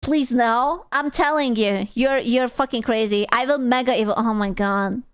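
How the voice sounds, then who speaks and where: High-voiced woman streamer, crude teasing banter. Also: normal speed, clean tone, no echo, studio quality. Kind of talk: casual live-stream chat.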